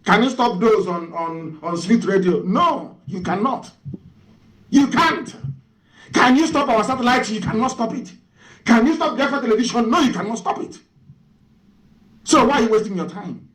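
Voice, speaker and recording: A man's voice: extremely high pitch, animated, normal speed, pauses often, a bit bright, low-quality recording. A Nigerian man giving an impassioned radio address, firing off mocking rhetorical questions. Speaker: radio broadcaster.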